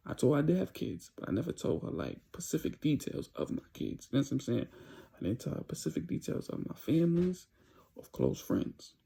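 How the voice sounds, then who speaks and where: A man's voice: a little high, sing-song, a little fast, vocal fry, dark tone, husky. A young man telling a casual storytime tale in loose street slang, full of "you know"s. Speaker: vlogger telling a dating story.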